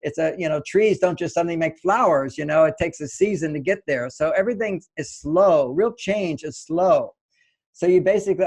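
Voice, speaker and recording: In this interview, the older guest, who writes about relationships, lays out steps and acts out each partner's lines. The voice is high and dark in tone, slightly rough, with a brisk delivery.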